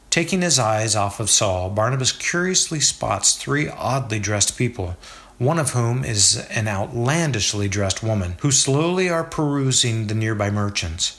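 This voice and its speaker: A man reading a scripted story as narrator, with descriptive, measured storytelling. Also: lowish voice, animated, a bit bright.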